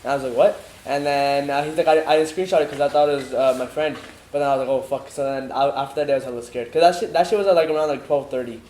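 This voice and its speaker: A man's voice: mid-range voice, steady tone, racing, darkish tone. A young man telling a scary story in casual podcast chat, rambling and slangy with lots of "bro" and "like". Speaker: podcast co-host. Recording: echoey room, faint noise.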